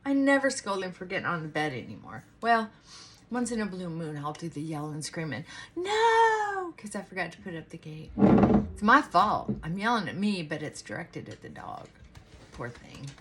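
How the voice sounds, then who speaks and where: A woman's voice: on the low side, big pitch swings, normal speed, fairly bright tone, a little hiss or hum. A middle-aged woman chatting casually to her viewers in her bedroom, rambling with asides to her dog. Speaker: vlogger. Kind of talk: casual morning chat.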